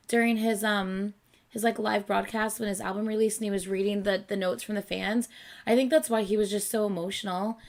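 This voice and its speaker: A woman giving casual, candid live reaction commentary to music as a YouTuber, chatty and swearing freely. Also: mid-range voice.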